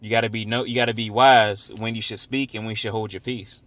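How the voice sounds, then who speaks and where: A man leading an informal Bible study, reading verses slowly and with emphasis, then explaining them in casual, conversational talk. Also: on the low side, flat delivery, fairly bright tone, dry recording. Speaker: Bible teacher.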